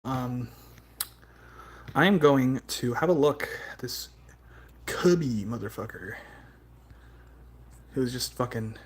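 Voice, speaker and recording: A man's voice: medium pitch, slow pace, pauses often. A young man streaming live, talking in a casual, profane, rambling way that turns heartfelt. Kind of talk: casual livestream chat.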